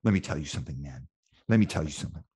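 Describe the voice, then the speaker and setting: A man acting out a loud, brash male record label boss who gives a bossy hard sell. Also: very deep voice, animated, racing, breathy edge, exaggerated voice. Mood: menacing.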